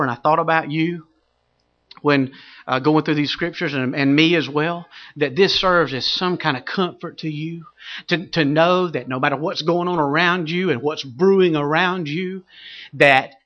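A pastor preaching a sermon, telling a story with dramatic swings from loud to hushed. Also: male voice, on the high side, fairly even intonation, normal speed, dull audio.

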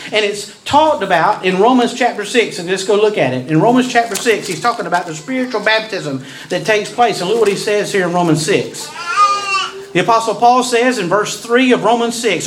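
A male pastor preaching a sermon, swinging from slow, dramatic pauses to sudden loud bursts. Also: sits high, low-quality recording.

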